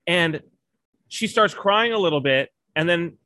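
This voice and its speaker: A man, a podcast co-host, telling a family story in casual chat, animated and quick to act out what others said. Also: high voice, no room sound. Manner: animated storyteller, acts out quoted voices.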